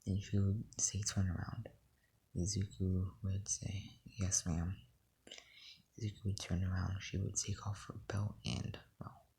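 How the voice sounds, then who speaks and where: Night-time home storyteller, deep husky whisper, halting. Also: mellow. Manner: talks low in a near whisper; rambling, many fillers and restarts. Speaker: fan storyteller. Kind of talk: casual fan-fiction storytelling.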